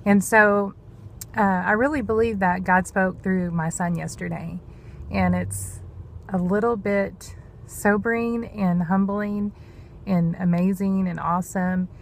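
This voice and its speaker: A woman's voice: mid-range voice, fairly even intonation, takes it slowly, gravelly, a little hiss or hum. Earnest woman vlogging. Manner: earnest, rambling, says "y'all". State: emotional, near tears. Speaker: vlogger sharing prophetic words. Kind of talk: casual devotional vlog.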